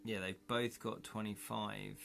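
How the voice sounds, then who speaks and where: Bright, slow-talking male streamer. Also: fairly low pitch, little pitch movement, gravelly. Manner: chatty, thinks aloud, corrects himself while counting dice rolls. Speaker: streamer playing a gamebook. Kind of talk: casual live-stream chat.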